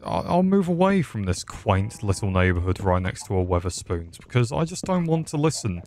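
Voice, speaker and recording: A man's voice: lowish voice, very animated, moderate pace, darkish tone, slight background noise. A young man giving sarcastic, rambling commentary over a game, swearing often. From England. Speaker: gaming YouTuber. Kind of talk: casual gameplay commentary.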